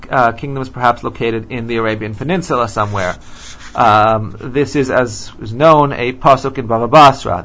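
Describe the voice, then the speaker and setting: A man teaches a scripture class at a steady, measured pace. He quotes each verse and then explains it, with frequent ums. His voice sits at an ordinary middle pitch. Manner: measured, reads Hebrew verses then translates, many ums. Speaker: Bible teacher. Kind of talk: textual lecture on scripture.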